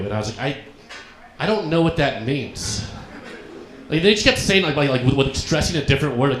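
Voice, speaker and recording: A young man from Colorado doing a stand-up set on a comedy club stage. He tells his stories deadpan and acts out the other people in them. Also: a little high, a little fast, long pauses, slight background noise. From Colorado, USA. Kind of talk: stand-up routine. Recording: echoey club room with a laughing crowd.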